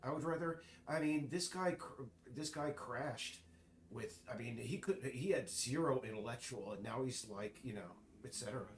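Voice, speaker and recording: A man streaming, chatting casually in a rambling, halting way full of restarts while he works. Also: mid-range voice, slight background noise. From United States.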